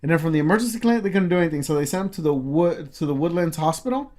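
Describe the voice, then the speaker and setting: A podcast co-host tells a long story in a casual show, full of fillers, restarts and swearing. His voice is on the high side, animated, racing and a little mellow.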